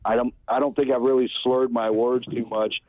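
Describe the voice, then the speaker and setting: A man's voice: mid-range voice, flat delivery, normal speed, no room sound. Rambling man on a tinny phone line. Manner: loose, rambling, chuckling after many beers. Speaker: caller. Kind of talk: casual phone-in beer review.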